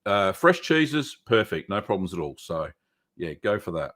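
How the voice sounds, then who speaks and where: A man's voice: low voice, moderate pace. A middle-aged man hosting a live stream, casually answering viewer questions with lots of ums and uhs in a small echoey room. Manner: relaxed, chatty, many ums and uhs.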